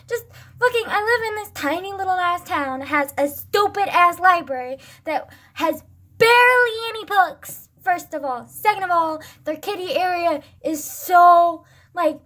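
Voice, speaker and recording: A young woman vlogging to her camera, rambling excitedly, laughing often and swearing a lot. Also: very high voice. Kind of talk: casual rambling vlog.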